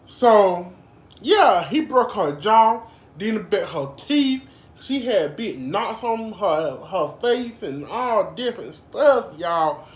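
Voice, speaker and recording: A woman's voice: medium pitch, very animated, takes it slowly, reverberant. A woman doing casual gossip commentary, chatty and informal, calling her viewers y'all and girl. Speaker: drama commentary vlogger.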